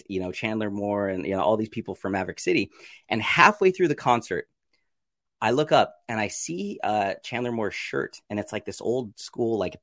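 In a studio-quality recording with no echo, a male podcast guest recounts his story during a relaxed interview. He laughs often and plays out his reactions through sudden leaps in pitch.

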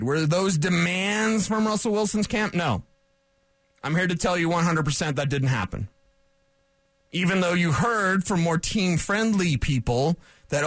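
A man talking sports on radio, opinionated and sarcastic, rambling through quick asides. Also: high voice, fairly bright tone, no room sound. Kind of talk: opinionated sports talk monologue.

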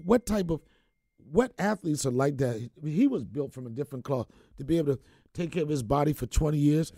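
A man's voice: fairly high pitch, lively intonation, brisk, dark tone, no room sound, studio quality. A man telling a story in casual chat, acting out quotes and laughing often. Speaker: comedian guest.

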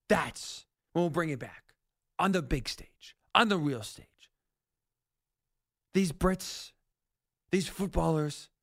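A man's voice: on the high side, gravelly, a bit bright, full character voice. A man voicing a blunt, no-nonsense football coach who lectures a player in a paternal, dismissive way. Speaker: commentator persona.

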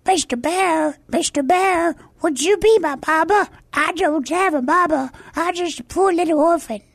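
A man's voice: very high-pitched, moderate pace, creaky, a bit bright, no room sound, voice pushed up, heavily acted. A man voicing a tiny, sweet orphan duckling that lisps and quacks like a child. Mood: pleading.

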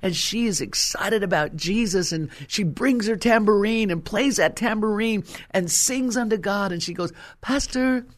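A man's voice: high-pitched, normal speed, few pauses, no echo. A male pastor preaching an impassioned sermon and telling stories to his congregation.

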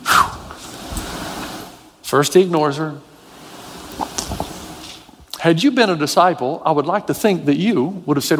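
A pastor delivering a sermon in a high, light voice. He preaches with animation, dropping low and quiet, then rising high to drive a point home. His voice carries a long reverb, as if from a large hall. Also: animated, moderate pace, pauses often.

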